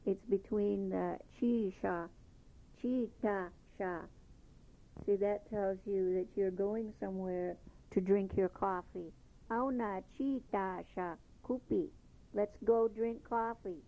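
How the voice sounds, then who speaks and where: Slow patient woman teaching phrases, tinny sound. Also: mid-range voice, steady tone. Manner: patient, repeats each phrase slowly then explains it. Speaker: language teacher. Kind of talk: slow spoken language lesson. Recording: tinny phone-like lo-fi recording.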